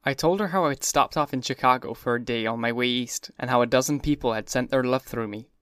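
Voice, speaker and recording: A man giving a measured, even first-person reading of a classic novel. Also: mid-range voice, clear, resonant tone, dry recording, studio quality. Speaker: audiobook narrator. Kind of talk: scripted first-person narration.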